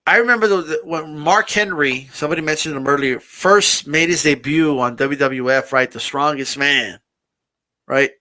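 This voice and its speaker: Bright, high-pitched male streamer host, loose and animated, swears freely. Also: normal speed. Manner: animated, repetitive restarts, swears casually. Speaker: streamer hosting a live wrestling talk. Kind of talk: casual ranting commentary.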